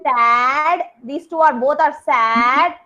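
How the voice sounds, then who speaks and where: A woman teaching a kindergarten class online, her voice high and bright for the children. She talks in an exaggerated, sing-song manner. The sound is dull and lo-fi, as from a laptop microphone on a video call. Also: takes it slowly, soft background music.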